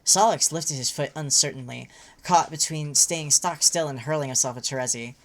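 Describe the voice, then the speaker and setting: A woman's voice: low voice, moderate pace. A woman reading a fanfic aloud as livestream co-host, then chatting with many fillers. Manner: lively narration, rambling with many fillers when chatting. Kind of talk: reading fiction aloud, casual chat.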